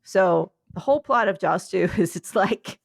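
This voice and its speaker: A woman's voice: medium pitch, expressive, normal speed, gravelly, no room sound. A sleepy woman talks loosely on a podcast, wandering through a story and slipping into goofy voices for the people in it. Her sound is close and dry, with no room around it. She keeps the tone casual and comedic. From United States. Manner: rambling, playful, acts out quotes in silly voices. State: tired and sleepy. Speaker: podcast co-host.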